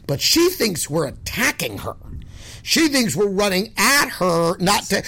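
Loud, excitable middle-aged man with gravelly voice. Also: high voice, measured pace. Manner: loud, excitable, laughs through his stories. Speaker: guest. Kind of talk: animated storytelling.

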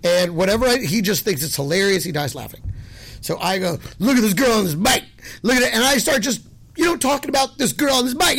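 Loud, excitable middle-aged man with gravelly voice. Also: high-pitched, brisk. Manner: loud, excitable, laughs through his stories. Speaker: guest. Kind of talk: animated storytelling.

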